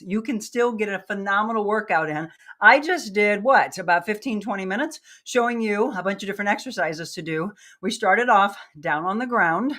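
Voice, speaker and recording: A woman's voice: medium pitch, a bit bright. A middle-aged woman leading a live workout lesson, upbeat and coaching, out of breath as she demonstrates the moves. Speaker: fitness instructor.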